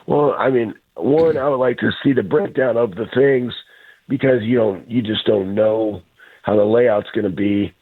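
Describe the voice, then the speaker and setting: A man's voice: lowish voice, normal speed, husky. Ranting man on a tinny phone line. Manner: blunt, ranting, trash-talking. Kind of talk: fired-up sports talk.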